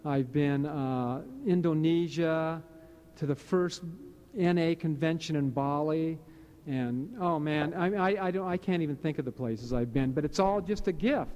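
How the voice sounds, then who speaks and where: He's a man from Hawaii in his late fifties offering personal testimony at a recovery meeting, earnest and rambling before a live crowd. The pitch runs fairly high, the pace a little slow, the tone a little mellow.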